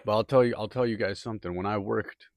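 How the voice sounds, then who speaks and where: A young man with a lowish voice delivers a rambling, profane monologue, tripping over filler words and restarts. The sound is dry and close, with no room echo. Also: fairly even intonation, fast. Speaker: podcaster. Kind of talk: casual monologue.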